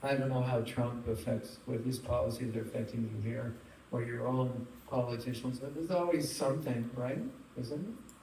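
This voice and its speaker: A man's voice: medium pitch, steady tone, normal speed, vocal fry, warm tone. A man giving a spiritual talk to a live audience, chatty and engaging, asking the room questions and telling funny stories. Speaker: spiritual teacher. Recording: roomy hall, distant mic, faint noise.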